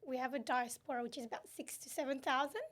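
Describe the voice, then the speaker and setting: A high-voiced young woman from Myanmar speaks as a podcast guest. She tells her story with energy, laughs easily and acts out other people's words. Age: young adult. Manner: animated storytelling, quick laughs, acts out quotes. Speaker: guest, human rights activist. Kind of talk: conversational podcast interview.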